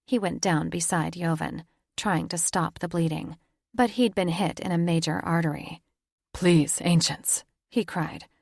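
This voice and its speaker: A woman narrating a paranormal romance audiobook with a measured, dramatic reading. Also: fairly low pitch, creaky, no room sound, clean studio sound. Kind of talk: scripted narration.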